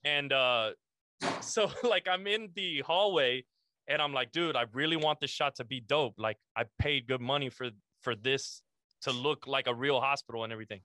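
A man hosting a podcast, telling a story in animated casual chat, swearing freely and saying "bro" often. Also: mid-range voice, moderate pace, no room sound.

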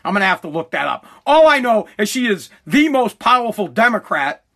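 A man's voice: high-pitched, sing-song, a little fast, fairly bright tone. A man ranting about politics, heated and profane, talking to his viewers. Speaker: commentator.

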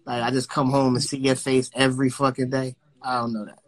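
A man's voice: mid-range voice, level tone, brisk. Loose, rambling man in casual chat. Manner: loose, profane, rambling and repeats himself.

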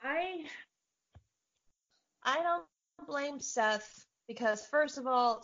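A woman chats with animated flair, telling stories and swearing freely. Her voice sits a touch high. The audio is dull and lo-fi. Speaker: podcast co-host. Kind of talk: casual chat.

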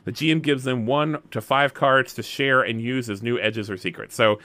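A man from Alabama, narrating a tabletop game as game master in a rambling, lively way. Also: mid-range voice, normal speed, no echo. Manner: rambling and lively, explaining rules aloud.

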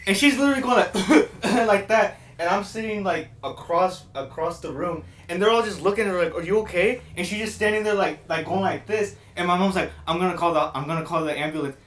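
Norcal dude cohosting, excited rambling story, sounds far from the mic and roomy. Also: male voice, high-pitched, fast, few pauses, a little hiss or hum. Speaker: podcast co-host. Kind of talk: casual chat, storytelling. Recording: echoey room, off-mic.

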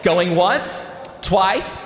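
An actor playing a theatrical, showy auctioneer and emcee in an audio drama. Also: male voice, sits high, lively intonation, extremely slow, echoey room, big-room sound, very noisy, full character voice. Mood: hyping. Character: flamboyant male auctioneer and emcee.

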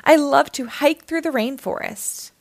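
A woman's voice: sits high, a little slow, vocal fry, dry recording, pitched above the performer's own voice. A woman voicing a kindly, cheerful old Santa who explains things with a smile. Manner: warm, smiling, gently explaining.

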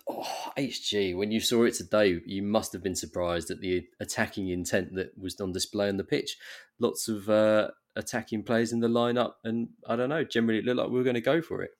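A man's voice: fairly low pitch, steady tone, a little fast. A man hosting a casual football podcast, chatty and leading the talk with questions. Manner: chatty, leads the discussion with questions. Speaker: podcast host.

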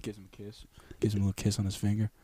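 A young man co-hosting a casual comedy podcast, riffing crude jokes and quick bits into a close mic. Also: lowish voice, monotone, warm tone. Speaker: podcast co-host. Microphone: close studio mic.

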